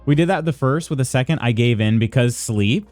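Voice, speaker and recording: A man's voice: medium pitch, brisk, darkish tone, no echo, soft background music. A man streaming live, chatting casually with viewers and greeting them by name while reading the chat aloud. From United States.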